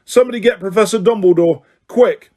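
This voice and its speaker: A bossy, self-important teenage head boy, as a man reading aloud puts him on. He sounds pompous and a touch high. This is a storybook figure used to giving orders. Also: normal speed, a little mellow, lightly acted. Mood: urgent.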